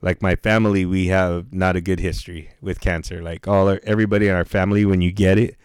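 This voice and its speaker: A man's voice: low-pitched, steady tone, quick pace, smooth, no room sound, clean studio sound. A man casually telling a story on a podcast, laid-back and slangy, swearing freely and laughing as he talks.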